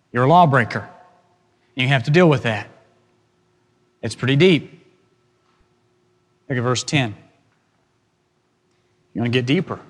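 A man preaching an expository sermon as pastor, emphatic and slowing down to stress key phrases. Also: high-pitched. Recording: long hall reverb.

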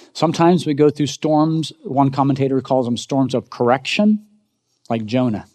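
A male pastor delivering a dramatic sermon, asking rhetorical questions and swinging between loud emphatic bursts and low, quiet lines. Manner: asks the congregation rhetorical questions. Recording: long reverb of a large hall.

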